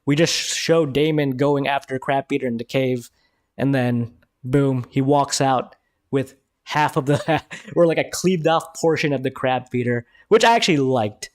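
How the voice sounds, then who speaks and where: A man hosting a live review stream, talking excitedly in casual commentary and swearing freely. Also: mid-range voice, measured pace, no echo, studio quality.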